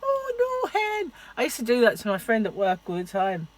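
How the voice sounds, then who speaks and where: A woman's voice: medium pitch, fast talker, a little hiss or hum. A middle-aged woman vlogging in a casual, chatty way, telling stories and laughing often. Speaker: diet vlogger. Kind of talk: casual chat.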